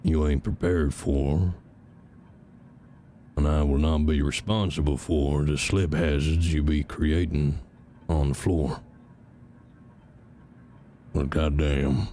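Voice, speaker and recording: A man doing a very deep slow drawl. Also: fairly even intonation, warm tone, a little hiss or hum. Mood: teasing. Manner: slow swaggering drawl, slangy.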